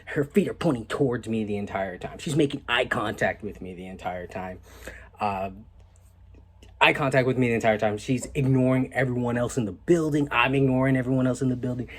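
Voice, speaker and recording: A young man vlogging, telling a story casually and with animation, often dropping to hushed asides. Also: medium pitch, a little fast, slight background noise.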